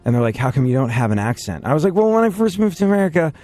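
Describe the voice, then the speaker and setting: A man's voice: on the high side, very animated, rapid-fire, mellow. A man hosting a podcast in casual chat, talking in a wry, rambling, self-deprecating way. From England. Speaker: podcast host.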